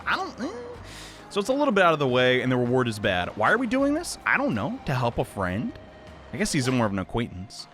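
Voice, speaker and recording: A man casually talking over his gameplay, wry and sarcastic with a lively, bouncing delivery. His voice is bright and a little sharp, with faint music underneath. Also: fairly high pitch. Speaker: let's play host.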